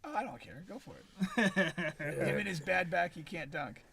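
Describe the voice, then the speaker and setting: A man's voice: fairly high pitch, lively intonation, moderate pace, gravelly, crowd noise. A man co-hosting a casual podcast, teasing and egging his partner on. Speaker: podcast co-host.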